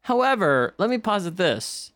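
A man's voice: high voice, big pitch swings, normal speed, a bit bright, no room sound. A man co-hosting a casual book discussion, playful with mock-formal asides. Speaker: podcast co-host.

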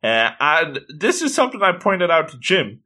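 A man's voice: fairly high pitch, sing-song, moderate pace, pushed and bright. A man casually recapping a story with playful, jokey asides.

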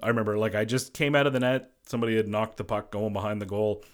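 A man with a fairly low voice hosts a solo sports podcast in a casual, unscripted way. He is a former goalie who rambles through his thoughts and keeps reaching for "you know" and "like" as fillers. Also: fairly even intonation, fast talker. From Boston area. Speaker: podcast host.

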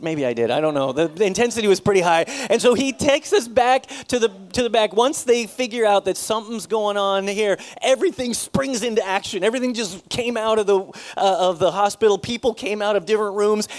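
High-voiced pastor telling a story. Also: male voice. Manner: animated, acts out dialogue with sudden loud high bursts. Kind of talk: sermon storytelling.

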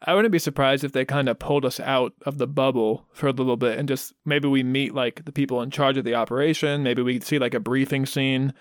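A man's voice: medium pitch, fairly even intonation, fairly quick, hardly any pauses, dry recording, clean studio sound. A man co-hosting a casual podcast, speculating in an easygoing way. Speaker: podcast co-host. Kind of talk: casual chat.

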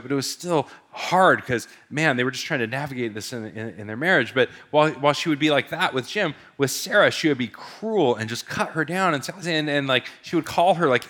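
A man's voice: medium pitch, sharp tone. A male pastor telling a story in a sermon, casual and conversational, with lots of filler words.

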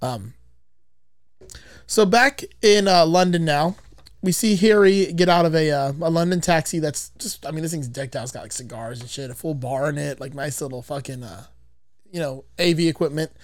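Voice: medium pitch, normal speed, no echo. A podcast host casually retelling a movie's plot, rambling with frequent swearing.

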